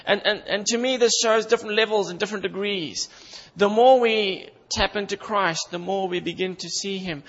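A high-pitched man preaching with fervent emphasis, building through repeated phrases. His voice rings out with a long reverb tail, as in a large hall, and the recording sounds somewhat dull and muffled. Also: moderate pace, few pauses, a bit bright. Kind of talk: sermon.

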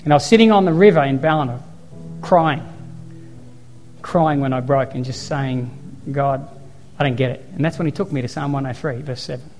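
A man's voice: on the high side, brisk, a little mellow, in a large hall, faint music behind. A man preaching a sermon as a pastor, telling stories, acting out quotes and hammering points home through repetition. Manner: storytelling, emphatic repetition, acts out quotes.

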